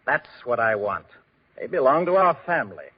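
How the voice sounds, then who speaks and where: A pompous fairy-tale king in an old radio play. His voice is husky and swings dramatically in pitch. The sound is dull and lo-fi. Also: sing-song, normal speed. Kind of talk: 1940s radio acting.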